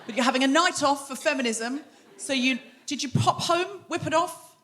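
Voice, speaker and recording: A woman's voice: sits high, a bit bright. Teasing woman working a live crowd. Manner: teasing, quick banter with the audience. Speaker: comedy podcast host. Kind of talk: live stand-up style crowd work. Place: theatre stage before a live audience.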